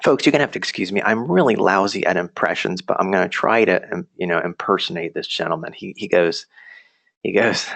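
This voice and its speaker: A man's voice: sits low, a little fast, gravelly, fairly bright tone, no echo. A young man telling a personal story in a class presentation, chatty and self-deprecating, laughing often and asking the audience questions.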